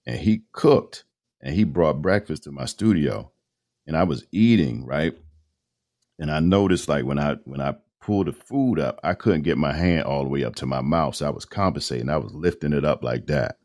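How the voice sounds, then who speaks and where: A man's voice: a bass voice, expressive, normal speed, a little mellow. A middle-aged man, a voice-over artist, telling a long personal story as a podcast guest in a casual, slangy way and acting out the dialogue.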